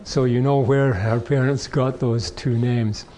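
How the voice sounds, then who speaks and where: A middle-aged male pastor reading scripture aloud in a sermon, slow and measured in the readings and chatty in the asides. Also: medium pitch, steady tone, warm tone. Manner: reads scripture slowly, chats between passages.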